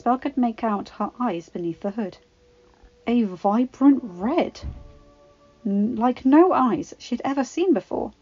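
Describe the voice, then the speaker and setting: Expressive woman reading a storybook. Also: on the high side, highs cut off. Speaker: fan fiction reader.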